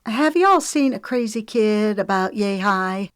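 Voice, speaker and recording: A woman's voice: medium pitch, animated, unhurried, clear, resonant tone, dry recording, clean studio sound, pitched above the performer's own voice, lightly acted. A woman narrator voicing a polite, friendly young divorced mother.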